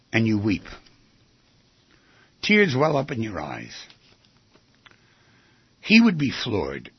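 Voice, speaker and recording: A man giving an animated talk, firing off rhetorical questions and acting out quoted voices, on a slightly muffled lo-fi recording. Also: mid-range voice, gravelly, breathy edge, dry recording. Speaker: speaker giving a talk on relationships. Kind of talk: animated lecture to an audience.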